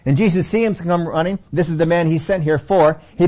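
A man's voice: fairly high pitch, a little fast, warm tone. A man teaching a Bible study sermon in a conversational way, often repeating key phrases.

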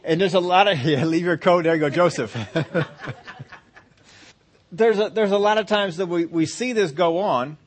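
A man preaching a sermon. He talks conversationally, laughs easily and acts out little scenes. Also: fairly high pitch. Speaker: pastor.

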